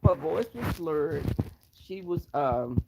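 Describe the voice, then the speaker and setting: A man with a high voice gives dramatic, sassy commentary. His pitch swoops up and down a lot. His roasts are animated. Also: slow pace, gravelly, very noisy. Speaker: vlogger.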